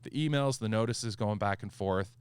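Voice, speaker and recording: A man hosting a podcast, a property manager telling a story in a casual, animated way and acting out the quoted back-and-forth. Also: lowish voice, normal speed, clear, resonant tone. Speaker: HOA manager and podcast host.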